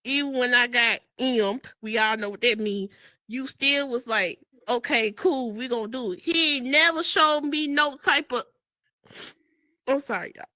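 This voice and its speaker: A woman speaks on a podcast in a bright, fairly high voice. She is heartfelt, laughs often and swears casually. The sound is dry and close. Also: measured pace, no echo. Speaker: podcast co-host. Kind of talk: emotional casual chat.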